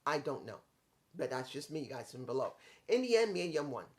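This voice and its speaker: Male wrestling reviewer, slightly higher-pitched, casual and rambling, easily frustrated, stumbles over words. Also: big pitch swings, brisk, a little mellow. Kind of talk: casual opinion commentary.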